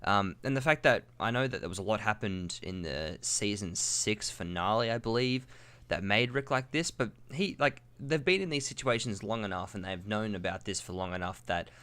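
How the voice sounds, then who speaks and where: A man with a fairly low voice co-hosts a relaxed chat show. He talks things through carefully, weighing both sides. He pads his sentences with fillers. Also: moderate pace, clear, resonant tone. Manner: thoughtful, hedging, many fillers. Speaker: co-host. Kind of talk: casual podcast chat.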